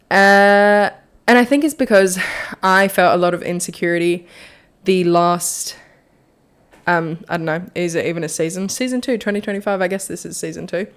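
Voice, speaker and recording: A young woman hosting a solo faith podcast, talking in a rambling, chatty way and laughing at herself. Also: fairly low pitch. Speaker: podcast host. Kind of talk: casual solo podcast reflection.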